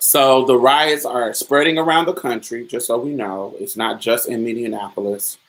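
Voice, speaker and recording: In a rough recording, a podcast host delivers a loose, casual monologue of personal stories, candid and colloquial. His ordinary middle-pitched voice moves at normal speed, sounding relaxed and off the cuff.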